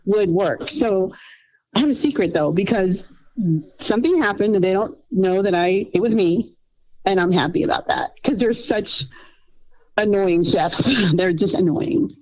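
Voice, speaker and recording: A woman in her fifties calling in anonymously, telling her story in an animated, rambling way and acting out what others said. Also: medium pitch, a little slow, muffled recording. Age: 50s. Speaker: anonymous caller. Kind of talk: casual storytelling.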